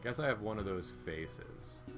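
A man's voice: fairly low pitch, lively intonation, a little slow, over music. A man voicing an easygoing, gossiping passenger in a video game.

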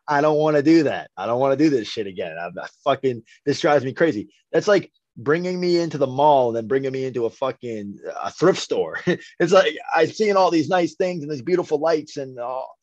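A man's voice: fairly high pitch, expressive, a little fast, darkish tone, no room sound. A young man, a boxer telling a rambling, profane story in a casual podcast interview. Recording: dry, slightly dull podcast audio.

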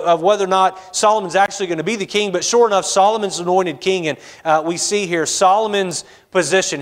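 Pastor guy preaching to his church, kinda high voice, chatty and full of uh's. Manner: conversational preaching with many fillers and acted asides. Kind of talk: sermon. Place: church sanctuary.

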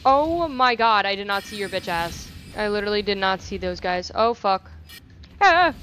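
A woman's voice: medium pitch, normal speed, a little hiss or hum. A young woman doing let's play commentary. She swears freely, repeats phrases and talks back to the game. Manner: animated reactions, repeats phrases. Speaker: gaming YouTuber.

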